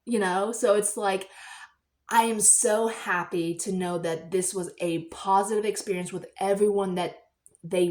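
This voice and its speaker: A woman vlogging in a casual, rambling storytelling way, acting out the people she quotes with sudden high, excited voices. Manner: animated, acts out quoted voices in high squeals.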